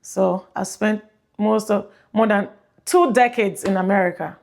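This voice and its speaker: A woman's voice: medium pitch, unhurried, creaky. A woman in her thirties with a Nigerian accent, chatting casually to viewers on her vlog through a plug-in mic, rambling and repeating herself. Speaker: vlogger. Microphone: plug-in mic on phone.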